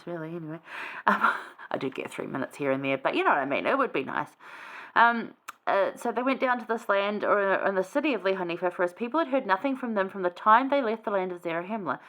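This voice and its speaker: A woman talks through a passage of scripture in a loose, chatty way, wandering into asides and filling pauses with ums. Her pitch sits in the middle of the usual range for a woman. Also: lively intonation, a bit bright. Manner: chatty, rambling, many fillers and asides. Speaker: scripture study host. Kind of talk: casual scripture commentary.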